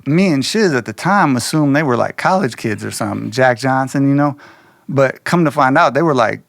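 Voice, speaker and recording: A man telling a personal story in loose, slangy, animated casual talk, slipping into quoted voices. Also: mid-range voice, a little fast, creaky, no room sound, clean studio sound.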